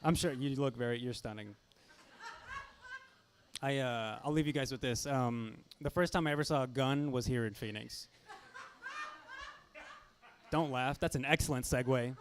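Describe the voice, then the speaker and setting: A man's voice: medium pitch, normal speed, long pauses, background noise. Young male stand-up comic, nervous and self-deprecating, chatting with the crowd between jokes. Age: young adult. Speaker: stand-up comedian. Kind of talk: stand-up set.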